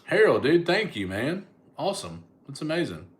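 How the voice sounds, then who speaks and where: A man's voice: fairly high pitch, big pitch swings, normal speed. A middle-aged man, a comedian chatting casually on a livestream and answering viewers' comments. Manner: laid-back, chatty, thanks viewers by name.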